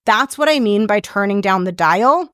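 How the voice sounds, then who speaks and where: A woman's voice: mid-range voice, lively intonation, normal speed, a bit bright, no echo, studio quality. A woman podcast host teaching voice skills in a casual, upbeat, teacherly way, with frequent "like" fillers. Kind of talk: instructional podcast talk.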